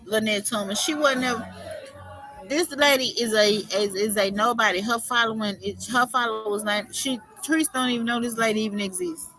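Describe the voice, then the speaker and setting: A woman's voice: fairly high pitch, fairly quick, bright, forceful tone, faint music behind, poor audio. A woman hosting a livestream, scolding someone in a confrontational, profane, unscripted rant. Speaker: livestream host.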